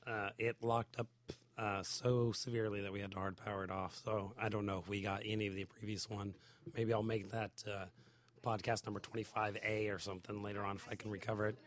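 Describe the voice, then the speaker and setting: A man hosting a casual group podcast around a table, his voice rough from being sick, rambling with many ums. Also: on the low side, flat delivery, a little fast. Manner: rambling, self-deprecating, many filler ums. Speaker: podcast host.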